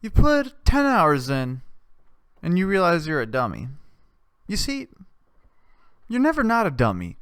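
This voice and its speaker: A man vlogging in a casual, rambling monologue that repeats itself, swears, and swings from hushed to loud. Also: sits high, wildly swooping pitch, unhurried, clean tone, no echo, studio quality.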